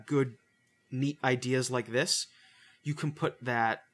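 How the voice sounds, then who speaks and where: A man's voice: medium pitch, a bit bright. A man casually reviewing a movie on a podcast, loose and profane, full of fillers and restarts. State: says he is a little high. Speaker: podcast co-host.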